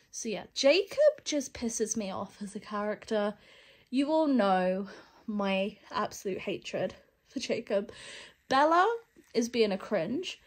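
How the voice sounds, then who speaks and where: A young woman in a casual book vlog, candid and sarcastic, laughing often. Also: mid-range voice. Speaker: book vlogger. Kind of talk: casual reading vlog chat.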